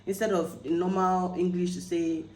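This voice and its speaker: A Nigerian woman chatting casually to camera in a vlog, lively when quoting phrases. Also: on the low side, normal speed, roomy sound, slight background noise, low-quality recording. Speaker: vlogger.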